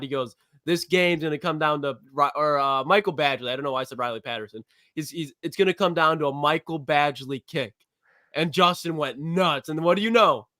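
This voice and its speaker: A young man co-hosting a sports podcast in casual, excitable chat, laughing often and ribbing his co-host. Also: a little high, no echo. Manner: excitable, laughs often, trash-talking banter.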